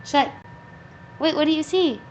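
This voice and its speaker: A woman's voice: sits high, unhurried, darkish tone, lo-fi sound. A young woman chatting casually on a live stream from her room, practicing a word over and over. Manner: repeats words over and over, practicing pronunciation. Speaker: livestreamer. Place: bedroom with air conditioning running. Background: air conditioning hum.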